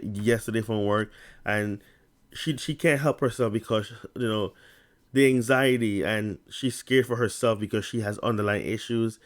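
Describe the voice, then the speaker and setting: Speaking on the low side, a man in a casual to-camera vlog reads an article aloud. A stutter and a lisp make his reading halting, full of restarts and tongue-tied slips.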